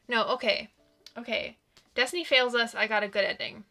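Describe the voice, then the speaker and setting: Woman let's-player, slightly high, bright tone, exasperated running game commentary. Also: fairly quick, creaky. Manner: exasperated, exclaiming often. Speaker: let's play gamer. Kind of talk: visual novel playthrough commentary.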